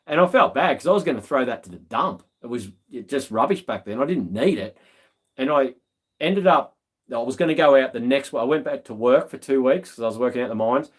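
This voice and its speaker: A man's voice: medium pitch, expressive, fairly quick. An Australian man hosting a live stream, telling stories in a laid-back, slangy way with lots of ums. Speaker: livestream host. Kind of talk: casual live-stream chat.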